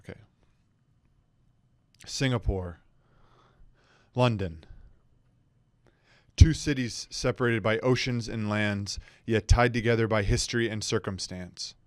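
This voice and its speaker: A man delivering a surreal comic monologue as a speech contestant, in a deadpan manner with stumbles and asides. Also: lowish voice, slow pace, pauses often, no echo.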